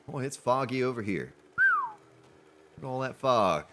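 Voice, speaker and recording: A man's voice: low voice, expressive, fairly quick, a bit bright, slight background noise. A man chatting to viewers while he streams a survival game, joking and commenting as he plays. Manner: chatty, jokey, talks to viewers. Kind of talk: live gameplay commentary.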